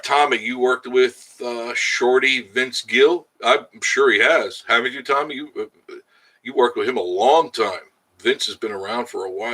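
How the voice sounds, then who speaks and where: A man's voice: mid-range voice, bright, forceful tone. A man hosting a casual live stream, chatting with viewers by name and joking between laughs. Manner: chatty, jokey, laughs often. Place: outdoors in the Smoky Mountains.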